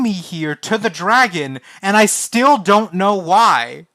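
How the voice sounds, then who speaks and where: Bright-voiced man streaming a text game. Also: a little high, normal speed, few pauses. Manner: animated, swears, reads game text then reacts. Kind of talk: reading a text adventure game aloud with commentary.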